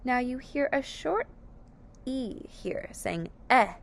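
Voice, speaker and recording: A high, animated, creaky-voiced woman works slowly through a phonics lesson, sounding words out one syllable at a time in very careful, over-pronounced speech.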